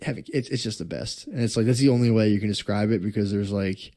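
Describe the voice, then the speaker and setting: A man's voice: on the low side, fast, warm tone. Profane, rambling young man telling a story. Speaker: podcast co-host. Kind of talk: casual podcast chat.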